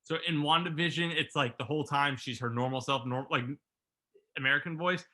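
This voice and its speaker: Bright-voiced rambling podcast man. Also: on the high side, fairly quick. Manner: rambling, thinks aloud with many "like"s. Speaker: podcast co-host. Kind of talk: casual movie review chat.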